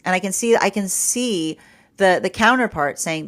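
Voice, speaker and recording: A woman talks through a tarot energy update in loose, casual chat. She rambles, circles back on her own phrases and breaks into laughter often. Her voice sits at an ordinary middle pitch for a woman. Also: brisk. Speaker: tarot reader. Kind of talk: casual spiritual reading.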